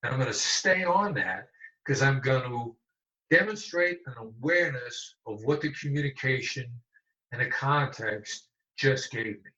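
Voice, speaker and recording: A man's voice: mid-range voice, animated, measured pace, bright, forceful tone. A man in his sixties, a guest negotiator, explaining in an emphatic way and repeating phrases for stress, heard over a remote call. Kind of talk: conversational interview. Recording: echoey room, dull lo-fi sound.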